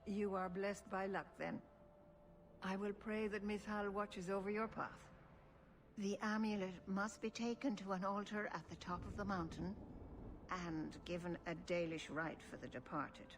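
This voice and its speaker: An actress voicing a wise, calm elf clan elder in a video game, speaking in a measured, formal way. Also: female voice, medium pitch, noisy background, close to an everyday voice. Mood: solemn.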